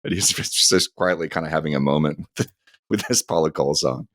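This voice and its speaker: A man's voice: extremely low pitch, a little fast, dry recording, clean studio sound. A middle-aged man co-hosting a podcast, meandering through an anecdotal story in casual chat. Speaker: podcast co-host.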